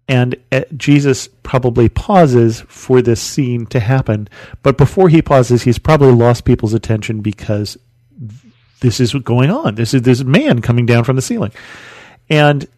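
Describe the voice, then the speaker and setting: A man's voice: medium pitch, a little mellow, no room sound. A man hosting a podcast, teaching through a Bible story in a conversational, storytelling way with rhetorical questions.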